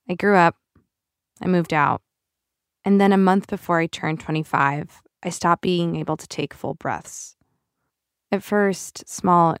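A young woman, raised in the US after arriving from Russia, reading a personal essay in a reflective, measured, confessional way. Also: fairly low pitch, gravelly, no room sound, clean studio sound.

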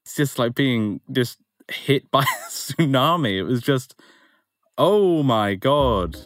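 A man's voice: mid-range voice, slow, dry recording, studio quality. Amused English man telling a story. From England. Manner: animated, amused, quoting himself. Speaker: interviewee telling his story. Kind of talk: casual storytelling.

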